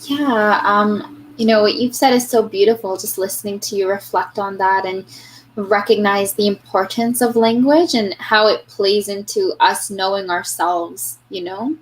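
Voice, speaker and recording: A woman's voice: medium pitch, steady tone, a little slow, slight background noise, poor audio. Reflective woman guest teacher. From Canada. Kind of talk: conversational interview.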